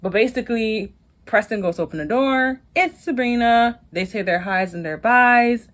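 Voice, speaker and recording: A woman hosting a casual TV episode recap, retelling scenes in chatty, quick bursts. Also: fairly high pitch, fairly bright tone. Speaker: TV recap host.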